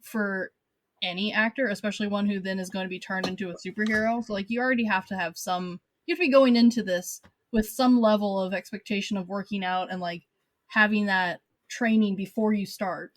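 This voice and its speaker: A woman's voice: mid-range voice, fairly even intonation, a little fast, no echo. Woman, podcast guest, casual chat, thoughtful, laughs easily, dry sound.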